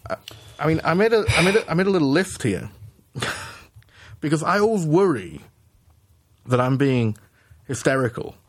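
A man co-hosting a casual political podcast, talking in halting restarts and swearing as he builds his argument. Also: a little high, animated, no room sound, studio quality. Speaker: podcast co-host.

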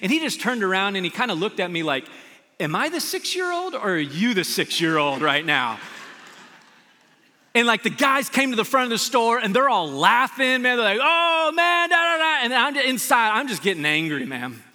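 High bright-voiced preaching man. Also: normal speed. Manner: animated storytelling, shouts in retold scenes. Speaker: pastor. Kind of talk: sermon. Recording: long hall reverb.

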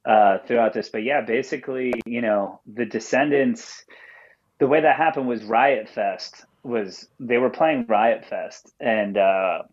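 A man phones in as a podcast guest and tells his story in a loose, rambling way, packed with fillers and casual swearing. His voice sits at an ordinary mid pitch. The call-in audio sounds dull and muffled. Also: unhurried.

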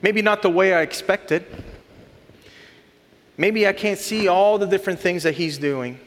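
A man's voice: high-pitched, a little slow, a bit bright. A man in his thirties or forties preaching a sermon, earnest and building to emphatic lists. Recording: long hall reverb.

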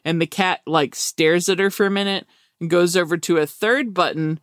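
A woman co-hosting a veterinary podcast in casual chat, telling stories in an animated way and laughing often. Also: on the low side, moderate pace, dry recording, studio quality.

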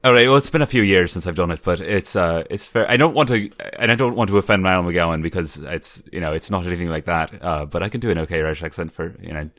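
A man co-hosting a casual podcast chat with quick, wry banter. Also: low voice, fairly bright tone, no room sound, studio quality. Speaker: podcast co-host.

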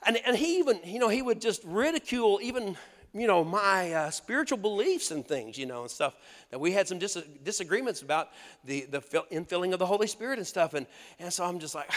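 A man in his sixties preaching a sermon as pastor, folksy and animated, laughing often and acting out the voices he quotes. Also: high voice, fairly quick. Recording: long hall reverb.

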